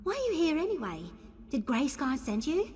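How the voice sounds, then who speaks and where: An actress playing a plucky, brisk female ally in a fantasy game, with a New Zealand accent and a breathy voice. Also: high-pitched, big pitch swings, a little mellow, big-room sound, slight background noise.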